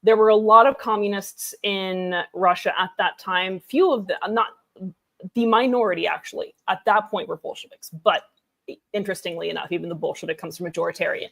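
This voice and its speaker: A woman's voice: medium pitch, brisk, gravelly, a bit bright. Chatty woman explaining history. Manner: explanatory, chatty, with frequent restarts and asides. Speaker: podcast co-host explaining history. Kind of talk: casual history podcast chat.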